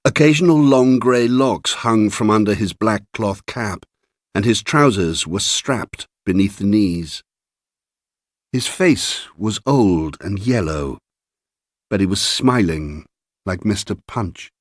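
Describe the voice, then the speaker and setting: A man narrating a literary short story in a measured, unhurried way. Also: lowish voice, expressive, no echo, studio quality. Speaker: audiobook narrator.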